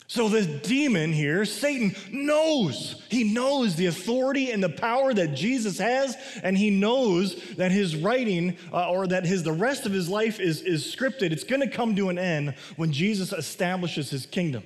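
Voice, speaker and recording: A pastor giving a sermon, mixing casual asides and restarts with slow, stressed phrases. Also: male voice, high voice, lively intonation, long reverb tail.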